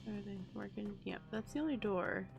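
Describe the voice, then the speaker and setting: A woman streaming a video game, chatting casually and thinking out loud while sounding sleepy and yawning. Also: medium pitch, moderate pace, gravelly, highs cut off, over music. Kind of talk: casual live-stream chat.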